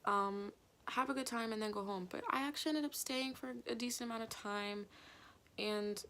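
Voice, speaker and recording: A woman's voice: on the high side, moderate pace, a bit bright, a little hiss or hum. A woman in her twenties, a vlogger telling a story to her camera in a rambling, casual way, full of fillers and casual swearing. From Canada. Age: 20s. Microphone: compact camera mic.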